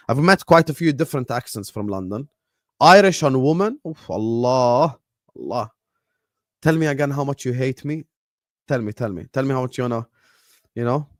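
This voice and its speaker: A man's voice: dry recording, studio quality. Slangy, joking young man streaming live. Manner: rambling and jokey, with slang and swearing; drops to low mock-sad mumbles, then loud bursts at match action. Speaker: streamer hosting a football watchalong. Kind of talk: casual live-stream chat.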